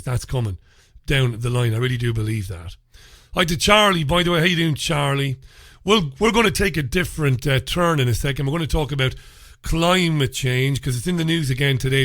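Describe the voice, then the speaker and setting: A man's voice: medium pitch, fairly bright tone, dry recording, studio quality. A man with an Irish accent hosting a solo talk radio show, chatty and opinionated with informal asides. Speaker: radio host. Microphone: studio microphone.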